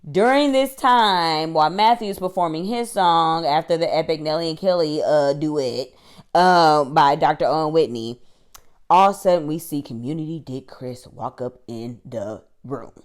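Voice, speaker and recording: A woman's voice: low-pitched, moderate pace, clean tone. A woman recapping a TV episode for her channel in a chatty, slangy way, laughing often. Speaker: YouTube TV reviewer.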